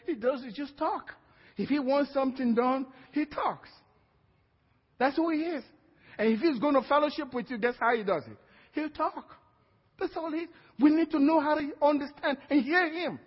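Male pastor with a Nigerian accent, high and husky, emphatic call-and-response preaching; lo-fi church recording. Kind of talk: sermon. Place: church hall. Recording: dull lo-fi sound with long hall reverb.

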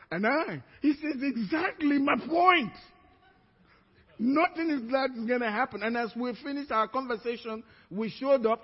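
Pastor guy with a really high husky voice, storytelling sermon, long echo, muffled sound. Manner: storytelling, acts out quoted voices. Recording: muffled church recording, long reverb.

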